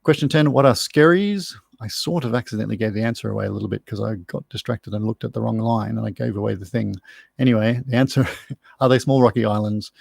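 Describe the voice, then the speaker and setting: A man's voice: lowish voice, fast, gravelly, a little mellow, no room sound, studio quality. A man hosting a live online pub quiz from home, chatty and rambling with self-mocking asides. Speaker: quiz host. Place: room at home.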